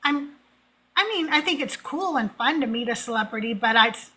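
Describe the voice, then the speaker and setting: Host casting, older woman from southern california, high bright voice, meandering chatty delivery. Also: animated, slightly rough. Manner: rambling, halting with fillers. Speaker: call-in show host. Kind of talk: casual chat.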